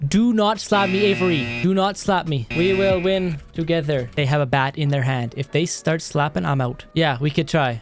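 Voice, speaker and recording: A man doing let's play game commentary, excitable, swinging from panicked yelling to mumbling to himself. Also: fairly high pitch, normal speed, faint music behind. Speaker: gaming video creator.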